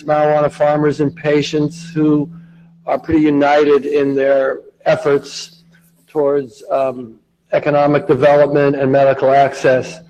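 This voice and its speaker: Male public commenter, measured with fillers, slightly high pitch. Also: darkish tone, low-quality recording. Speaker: public meeting speaker.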